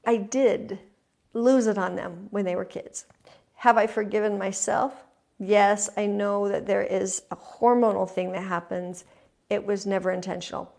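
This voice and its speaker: Earnest gravelly-voiced woman host. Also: mid-range voice, measured pace. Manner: earnest and confessional, drops to a soft hush. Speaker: podcast host. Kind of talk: heartfelt personal talk to listeners.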